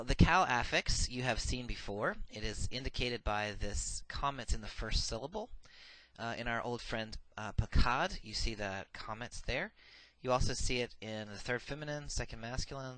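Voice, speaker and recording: A man teaching a recorded grammar lesson, reciting verb paradigms slowly and methodically with frequent filler sounds. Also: medium pitch, sharp tone, no echo, poor audio. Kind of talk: recorded lecture.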